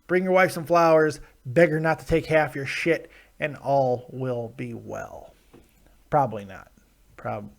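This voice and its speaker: A man hosting a casual live-stream show, ranting with profanity and sarcasm while reading viewer chat. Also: sits high. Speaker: host.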